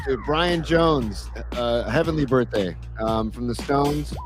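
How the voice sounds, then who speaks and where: Friendly co-host over clear music. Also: male voice, mid-range voice. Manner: friendly, quick to agree, hesitant when put on the spot. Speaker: podcast co-host. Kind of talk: casual chat.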